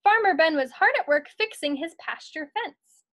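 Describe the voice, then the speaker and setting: High-voiced woman teacher reading aloud. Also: lively intonation, moderate pace. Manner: encouraging, storytelling. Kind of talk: reading a picture book aloud to students.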